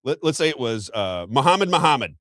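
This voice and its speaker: A man's voice: medium pitch, big pitch swings, fairly quick, fairly bright tone, dry recording. A man hosting a political talk show, talking in a heated way with frequent stumbles and restarts. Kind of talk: political commentary.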